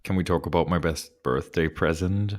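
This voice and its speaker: A man co-hosting a casual podcast chat, playful and teasing, quick to laugh and a bit tipsy. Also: deep voice. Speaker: podcast co-host.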